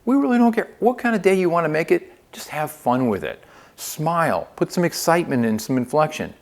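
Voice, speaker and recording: A man's voice: fairly high pitch, a little fast, creaky. A man teaching a phone sales training lesson, upbeat and coaching, often checking in with "okay?". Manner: upbeat coaching, lively inflection, frequent "okay?" check-ins.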